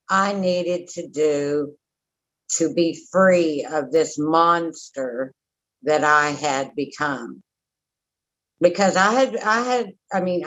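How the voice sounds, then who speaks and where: A woman's voice: lowish voice, a bit bright, rough recording. A woman, candidly telling her recovery story as an interview guest, blunt and emotional with frequent tangents.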